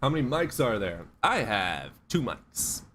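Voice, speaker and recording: A man's voice: lowish voice, very animated, measured pace, a bit bright, slight background noise. Blunt, profane man streaming. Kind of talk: casual livestream commentary. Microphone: desk USB microphone.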